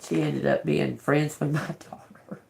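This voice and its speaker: An older woman doing a live tarot reading, talking slowly and bluntly with swearing, repeating words as she reads the cards aloud. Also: sits low, little pitch movement, vocal fry, a little mellow, slight background noise. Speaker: tarot reader.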